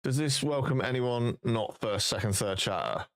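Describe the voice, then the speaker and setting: A man's voice: mid-range voice, moderate pace. A man live-streaming, chatting casually and thinking aloud while he fixes his voice settings.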